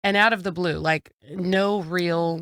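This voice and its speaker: A woman in her thirties, co-hosting a podcast, shares a family story in a frank, casual chat, swearing now and then. Her voice is on the low side and fairly bright, steady in tone and a little slow. The studio sound is clean, with no room sound.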